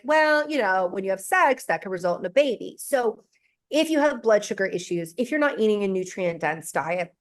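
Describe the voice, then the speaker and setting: A woman in her forties, a hormone expert, speaking in an animated podcast conversation, emphatic and laughing often. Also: medium pitch. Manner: emphatic, explains with frequent "okay?" asides and laughter.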